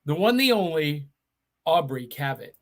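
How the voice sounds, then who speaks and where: A man's voice: a little high, very animated, unhurried. A middle-aged man from Middle Tennessee hosting a live online show, chatty and enthusiastic with frequent restarts. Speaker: host.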